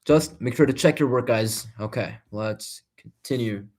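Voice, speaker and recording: A man's voice: mid-range voice, a little slow, a little mellow. A young man casually thinking aloud to himself and his viewers while working through math homework in a small room. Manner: muttering to himself, trailing off, self-talk. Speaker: vlogger doing homework on camera.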